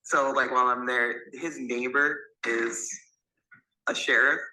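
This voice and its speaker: A man telling a story in casual conversation, in a plain, relaxed way. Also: medium pitch, slow pace. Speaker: guest storyteller. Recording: roomy echo.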